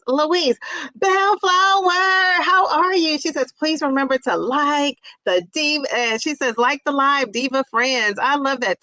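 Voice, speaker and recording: Woman, 50s, livestream host reading chat; effusive, bright tone, dry room. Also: high-pitched, no echo, poor audio. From Ohio. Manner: chatty and effusive, greets viewers with loud bursts. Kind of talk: casual live chat.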